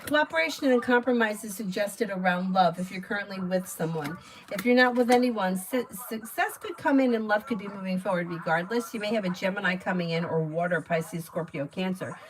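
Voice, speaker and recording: A woman doing live tarot readings, chatty and laughing, reading card meanings in quick bursts. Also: mid-range voice, slight background noise, rough recording. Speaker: tarot reader.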